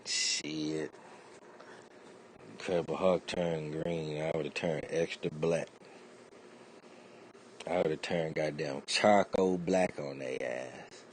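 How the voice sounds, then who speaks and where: Male livestream host, deep voice, loose profane storyteller who acts out other people's lines. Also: steady tone, slow pace, pauses often, a little hiss or hum, poor audio. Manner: acts out quoted voices loudly. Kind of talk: casual livestream chat.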